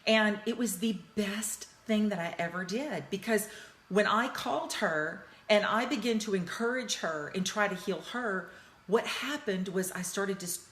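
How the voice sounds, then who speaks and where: A woman's voice: mid-range voice, measured pace, a bit bright. A middle-aged woman hosting a live talk from her office, speaking earnestly and personally about grief and healing. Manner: earnest, personal, checks in with listeners. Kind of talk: heartfelt motivational live talk. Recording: roomy echoing office.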